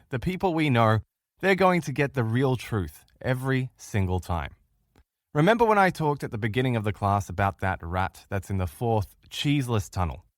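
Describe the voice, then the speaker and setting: Lively male relationship course instructor. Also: mid-range voice, no room sound, clean studio sound. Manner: animated, acts out quoted voices of others. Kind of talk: recorded audio lesson.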